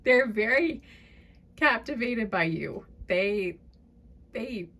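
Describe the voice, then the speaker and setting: A woman doing a pick-a-card tarot reading in a soft, chatty and apologetic way. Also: mid-range voice, measured pace. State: fits of laughter. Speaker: tarot reader.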